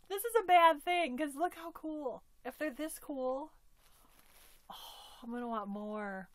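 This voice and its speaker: Gushing woman unboxing in slow excited bursts. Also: high voice, dry recording. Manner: gushing, excited, often drops to a whisper. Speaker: doll collector unboxing gifts. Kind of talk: casual unboxing vlog.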